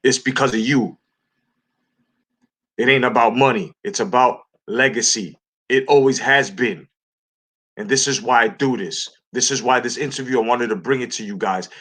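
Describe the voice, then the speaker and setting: A man's voice: medium pitch, moderate pace, fairly bright tone, husky. A man hosting a boxing channel, giving earnest, hyped reaction commentary. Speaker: channel host.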